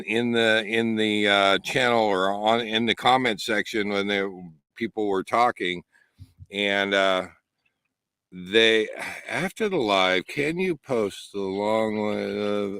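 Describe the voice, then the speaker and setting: Slow, low-voiced man chatting on a livestream. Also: a bit bright, dry recording. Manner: rambling, chuckling, restarts often. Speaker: livestream host. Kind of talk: casual live chat with viewers. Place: outdoors at a desert campsite.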